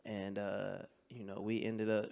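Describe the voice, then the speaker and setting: A man, a comedian guest, telling stories in animated, slangy casual chat. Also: lowish voice, a little slow, creaky. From Detroit, USA.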